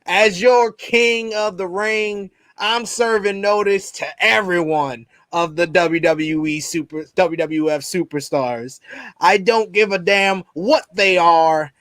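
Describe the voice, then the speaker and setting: A man doing a gruff Southern male wrestler who cuts a boastful, threatening promo in a put-on drawl. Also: high-pitched, fairly bright tone, no room sound, studio quality. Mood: menacing. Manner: growling threats, drawn-out boasts.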